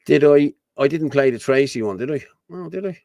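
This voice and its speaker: A man's voice: medium pitch, lively intonation, a little fast, creaky, a little mellow, dry recording, studio quality. An Irish man hosting his own show, talking in a blunt, repetitive, colloquial ranting commentary. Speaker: host.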